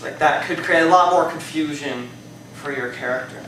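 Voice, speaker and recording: A man's voice: a little high, normal speed, fairly bright tone, a little hiss or hum. A man giving a spoken speech evaluation to a club audience, conversational and hedging often, heard from a distant mic in a very echoey room. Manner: conversational, hedges often with "I think" and "you know".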